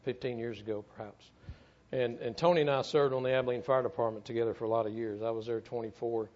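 A middle-aged man preaches in a halting, earnest way, stumbling over and repeating words as he tells a story. His voice sits at an ordinary pitch and comes through a dull, lo-fi recording. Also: steady tone, a little mellow. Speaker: church speaker, former firefighter. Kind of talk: sermon storytelling.

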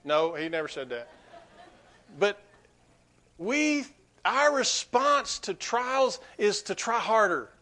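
A man preaching a sermon to his congregation, swinging between quiet asides and loud, emphatic peaks. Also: high-pitched, big pitch swings, takes it slowly, pauses often. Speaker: pastor.

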